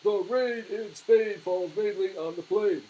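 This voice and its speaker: A man voicing a goofy male hand puppet who recites slowly and deliberately. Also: sits high, mellow, dull audio, slight background noise, pitched above the performer's own voice. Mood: reciting. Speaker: puppet sidekick.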